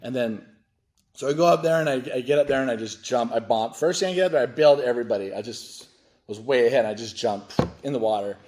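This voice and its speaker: A man who is a podcast guest, telling a story in an excitable way and acting out the dialogue. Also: medium pitch, quick pace. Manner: excitable, acts out dialogue in his stories. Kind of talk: animated storytelling.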